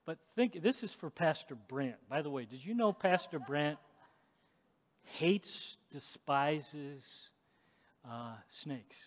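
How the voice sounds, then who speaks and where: A male pastor with a fairly high voice preaches at an unhurried pace. He swings between forceful declarations and near-whispered asides. The sound rings with the long reverb of a large sanctuary. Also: expressive. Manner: emphatic, swings between loud and hushed. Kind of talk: sermon.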